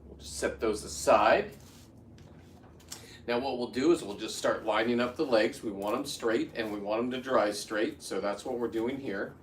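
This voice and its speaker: Casting: fifties man, vlogger, mid-pitched, rambling and restless, heard in a roomy space from a few feet off the mic. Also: moderate pace, distant mic, a little hiss or hum. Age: 50s. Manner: rambling, restarts, heats up into ranting. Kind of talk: casual talk to camera while working.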